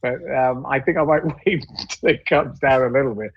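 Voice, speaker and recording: A male comedian telling stories in a casual panel chat, rambling and halting as he goes. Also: mid-range voice, slightly rough, no echo, muffled recording.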